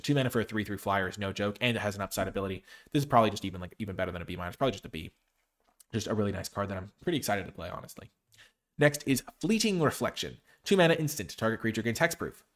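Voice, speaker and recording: Fast-talking man reviewing cards. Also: on the low side. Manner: rapid, thinking aloud with fillers and self-corrections. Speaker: card game reviewer. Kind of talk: casual solo review talk.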